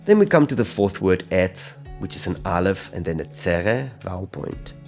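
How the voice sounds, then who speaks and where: A man teaching a step-by-step pronunciation lesson, speaking slowly and deliberately and sounding out each letter. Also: low-pitched, big pitch swings, a little mellow, faint music behind. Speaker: Hebrew teacher.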